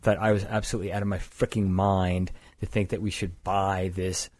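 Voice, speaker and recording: An older man with a low voice tells his story in a relaxed, rambling way, backing up to correct himself as he goes. He sounds close to the mic in a dry, dead room. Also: fairly quick, no echo. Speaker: company founder and guest. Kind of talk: conversational storytelling interview.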